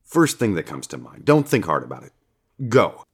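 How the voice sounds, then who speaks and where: A man's voice: deep voice, wildly swooping pitch, moderate pace, slightly rough, exaggerated voice. A man voicing a laid-back, foul-mouthed male God who talks like a casual bro, coaxing and swearing freely. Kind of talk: audiobook character reading.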